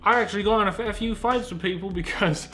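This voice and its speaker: A man's voice: high voice, fast talker, pushed and bright. Sweary young man with a Southern English accent. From Southern England. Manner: sweary, rambling, self-mocking. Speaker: YouTuber host. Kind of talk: casual comedic commentary.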